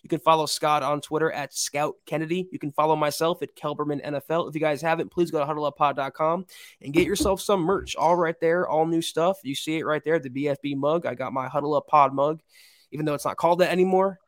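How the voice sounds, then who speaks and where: A man's voice: a little high, steady tone, fast talker, no echo, studio quality. A man hosting a sports podcast, chatting casually and running through upbeat sign-off plugs. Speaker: podcast host.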